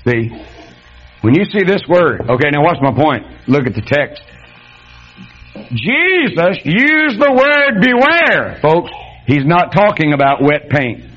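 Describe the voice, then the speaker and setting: A man preaching a sermon, reading scripture and then speaking in a folksy, dramatic way that swings between loud and hushed. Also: on the high side. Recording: dull lo-fi sound.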